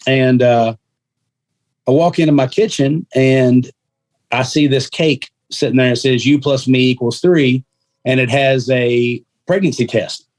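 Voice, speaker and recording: A man's voice: mid-range voice, a little slow. A man who is a podcast guest, telling a story casually and acting out the voices of the people in it. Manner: animated, acts out quoted voices.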